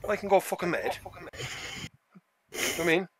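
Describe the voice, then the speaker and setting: A man's voice: high voice, animated, a little slow. An Irish man chatting casually on a game live stream, rambling, swearing and joking with his mates. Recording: loud game engine noise behind.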